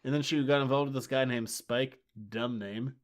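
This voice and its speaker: A man's voice: mid-range voice, steady tone. A man co-hosting a podcast, recapping a comic in casual, sarcastic, exasperated chat. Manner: sarcastic, exasperated, does quick character voices. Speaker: podcast co-host.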